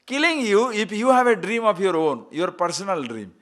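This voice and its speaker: A man's voice: high voice, expressive, moderate pace, a bit bright. A man giving a spiritual talk, playful and laughing often, asking rhetorical questions. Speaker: spiritual teacher.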